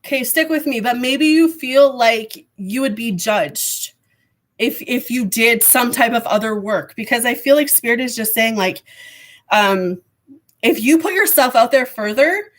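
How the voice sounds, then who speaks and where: Fairly high-voiced woman reading tarot live. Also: lively intonation, a little slow. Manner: rambling, hesitant, many fillers like "um" and "like". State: losing her voice, clearing her throat. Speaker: tarot reader.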